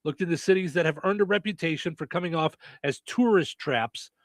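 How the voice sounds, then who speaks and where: A man's voice: fairly high pitch, a little fast, dry recording. A middle-aged man hosting a radio show, rambling easily through a list with chatty asides. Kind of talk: casual radio banter.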